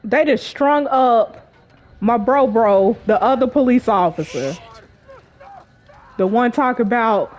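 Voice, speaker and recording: A woman doing casual gameplay commentary, her high voice swinging widely as she exclaims. She talks to her viewers in a chatty, slangy way and laughs nervously, though her overall pace is unhurried. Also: animated, darkish tone, lo-fi sound, slight background noise. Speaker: gaming YouTuber.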